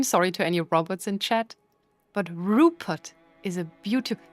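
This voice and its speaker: A playful woman streamer talks to her chat in a mid-pitched voice, swinging into mock outrage and teasing. The sound is dry and close, with faint music under her voice. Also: normal speed, no room sound. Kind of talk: casual chat with live chat.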